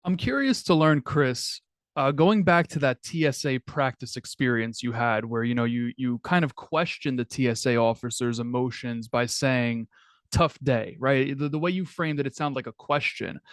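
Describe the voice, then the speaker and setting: A man's voice: mid-range voice, normal speed, dry recording, clean studio sound. A man with a New York accent hosting a podcast, asking curious follow-up questions. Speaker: podcast host. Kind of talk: interview questions.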